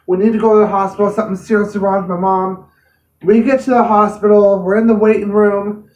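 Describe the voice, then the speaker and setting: A woman's voice: mid-range voice, steady tone, fairly quick, darkish tone. A woman vlogger telling a personal story to camera in an earnest, plain-spoken way. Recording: roomy, distant mic.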